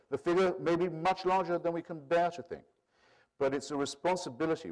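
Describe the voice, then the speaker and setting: A man in his sixties with an English accent giving a public lecture in a measured, erudite way, full of asides. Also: mid-range voice. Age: 60s.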